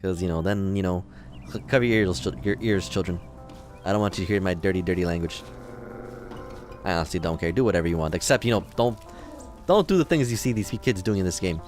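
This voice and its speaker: A young let's play host from Chicago, in the US Midwest, talks fast in a low voice as he plays a video game. He jokes casually and responds to the characters on screen, with faint music behind him.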